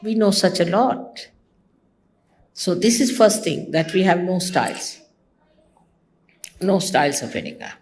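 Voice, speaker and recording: Older woman teacher, lively teasing speech. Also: unhurried, long pauses. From India. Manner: conversational, teasing, mimics others with sudden pitch jumps. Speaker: spiritual teacher. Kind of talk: devotional talk to followers. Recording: archival talk recording.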